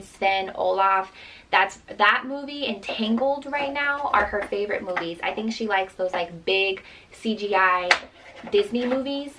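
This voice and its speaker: A woman's voice: mid-range voice, a bit bright, far from the mic, slight background noise, poor audio. A young woman chatting casually about her toddler as a mom vlogger, with lots of fillers. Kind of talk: casual chat.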